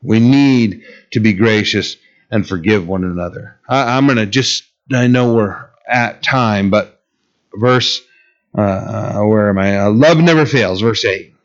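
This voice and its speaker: A man's voice: on the low side, a little slow, highs cut off. A man preaching a conversational sermon on love and forgiveness, joking and chuckling as he goes. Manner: conversational, humorous, chuckles often.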